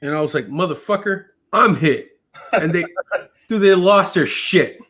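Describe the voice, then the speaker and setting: A man's voice: high voice, normal speed, fairly bright tone. A man, a military veteran, telling a long personal story in casual conversation, with frequent swearing and fillers. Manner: swears often, fills with uh and like. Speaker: podcast guest, army medic veteran.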